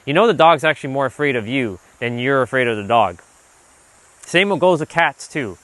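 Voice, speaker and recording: A man's voice: medium pitch, moderate pace, no room sound. Chatty man rambling on a walk. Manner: loose and chatty, leans on "like", swears when he gets animated. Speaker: livestream host, self-improvement speaker. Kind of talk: casual rambling livestream talk. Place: outdoors on a walk. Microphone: handheld gimbal rig.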